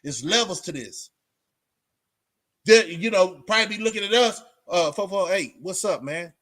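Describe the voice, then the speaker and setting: A man from Texas with a fairly high-pitched voice talks straight to his viewers on a livestream. He rambles in a loose, unscripted way, leaning on streetwise slang, fillers and restarts. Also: animated, moderate pace, a bit bright. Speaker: livestream host. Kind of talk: casual rambling monologue to viewers.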